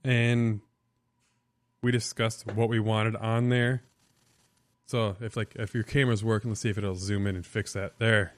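A man's voice: fairly low pitch, level tone, measured pace, pauses often, dry recording. A man who grew up on the Illinois-Wisconsin border, talking casually as a podcast guest, rambling with lots of "like". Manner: casual, rambling, says "like" a lot. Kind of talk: casual chat.

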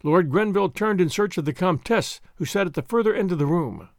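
Male narrator, expressive theatrical reading, lively pitch. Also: fairly quick, gravelly, dry recording, studio quality. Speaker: audiobook narrator. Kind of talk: scripted narration.

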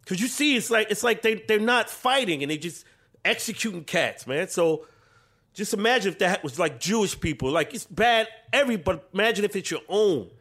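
High voiced guy on a podcast, earnest and rambly, lots of likes and yo's. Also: animated, a little fast, a bit bright. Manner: earnest, rambling, filler-heavy. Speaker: podcast guest. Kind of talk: casual chat.

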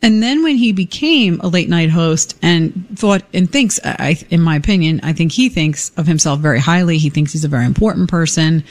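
A woman's voice: deep voice, expressive, moderate pace, hardly any pauses. A woman co-hosting talk radio, speaking emphatically and with exasperation in an opinionated chat.

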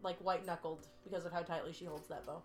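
A woman's voice: lowish voice, little pitch movement, fast talker, soft background music. A woman playing a tabletop role-playing game who describes her character in a hesitant, filler-heavy way. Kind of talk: casual chat and character description.

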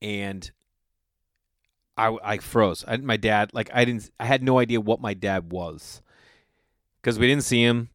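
A man's voice: fairly low pitch, unhurried, pauses often, fairly bright tone, no room sound, studio quality. A man in his thirties, a comedian hosting his own podcast, telling loose, profane stories and acting out the people he quotes. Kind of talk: casual storytelling monologue.

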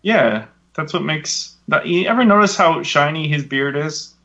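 A man's voice: on the high side, a little slow, creaky, bright, forceful tone. A man joking and riffing in a casual podcast chat. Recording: dull lo-fi sound.

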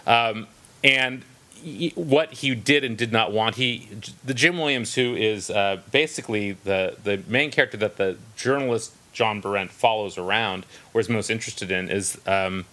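A man with a bright voice discusses a book in a relaxed conversation. He thinks aloud, pausing and restarting often as he searches for words. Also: on the low side. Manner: thoughtful, halting, many restarts and ums. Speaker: book podcast co-host.

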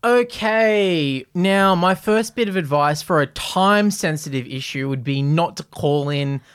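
A woman co-hosts a podcast, chatting casually with dry, wry humor. Her voice is fairly low in pitch, smooth, and a little slow.

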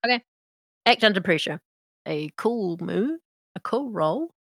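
A woman narrating a tabletop role-playing game as game master, in a slow, measured way. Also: mid-range voice, lively intonation, fairly bright tone, dry recording.

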